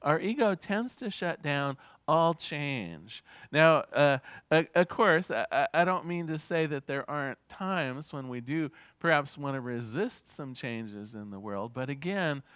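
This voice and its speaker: Smooth-voiced man giving a gentle sermon. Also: fairly high pitch, animated, unhurried, few pauses, no room sound. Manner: earnest, gentle teaching with small restarts. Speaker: minister.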